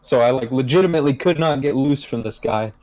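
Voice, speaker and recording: Young dude rambling thru a story on a podcast, laid back, lots of likes. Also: male voice, mid-range voice, fast, over music, poor audio. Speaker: podcast co-host. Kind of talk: casual storytelling among friends.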